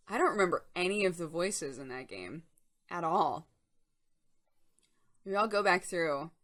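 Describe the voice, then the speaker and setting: A young woman hosts a relaxed stream chat, talking into a desk microphone. Her voice sits a little low for a woman, and she chats and giggles easily while answering viewers. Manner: chatty, giggly, reads chat aloud. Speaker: streamer host. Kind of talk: casual live-stream chat.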